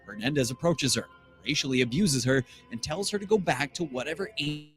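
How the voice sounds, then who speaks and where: Even male narrator reading a script, faint music behind. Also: a little high, fairly quick.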